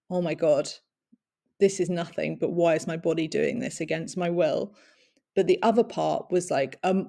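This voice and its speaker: A woman with a lowish, creaky voice and a dark tone gives a long talk about her own experience. She sounds reflective and often searches for words, using many fillers and small laughs.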